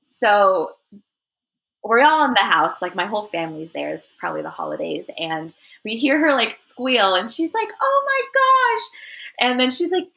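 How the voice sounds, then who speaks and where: A woman's voice: mid-range voice, normal speed, gravelly. A woman on a podcast chatting casually, animatedly acting out relatives' voices in a funny story. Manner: animated, acts out family voices. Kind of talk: casual chat.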